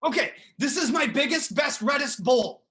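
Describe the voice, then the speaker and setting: Lively high-voiced woman improvising. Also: moderate pace. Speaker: improv performer. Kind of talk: improv scene and one-liners. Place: home, on a video call. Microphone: video call.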